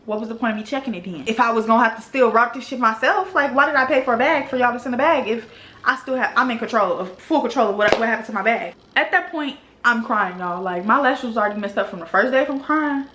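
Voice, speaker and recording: A young woman vlogger telling a storytime in an animated, exasperated way, full of casual slang. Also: a little high, fast talker, a little hiss or hum. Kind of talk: storytime vlog. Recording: roomy echo.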